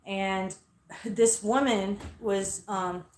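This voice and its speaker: A woman casually telling a story, animated and profane, quoting herself loudly. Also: medium pitch, very slow, echoey room, a little hiss or hum.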